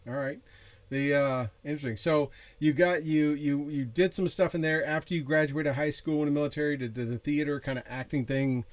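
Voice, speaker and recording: A man's voice: fairly high pitch, fairly even intonation, fairly quick. Man asking loose, stumbling questions. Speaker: podcast host. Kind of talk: casual interview.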